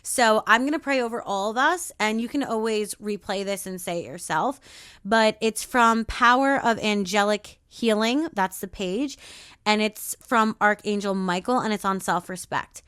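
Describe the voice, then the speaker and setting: A woman's voice: mid-range voice, moderate pace, fairly bright tone, clean tone, dry recording, clean studio sound. A woman hosting a podcast, giving a preachy, emphatic spiritual pep talk in punchy, repetitive affirmations. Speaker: podcast host. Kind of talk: spiritual motivational monologue.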